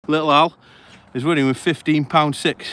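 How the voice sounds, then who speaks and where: A man, out of breath, hosting a live outdoor event by a lake. His voice sits a little high and he talks in a chatty, breathless rush. The sound is a rough outdoor camera mic. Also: steady tone, moderate pace, a bit bright. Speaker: host. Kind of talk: live on-the-move commentary.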